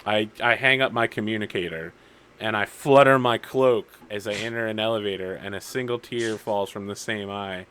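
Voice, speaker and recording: Male game host, playful dramatic narration, bright voice. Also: fairly low pitch, normal speed, clean tone. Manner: dramatic, half-joking narration with in-character lines. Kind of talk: narrating and acting in a tabletop game.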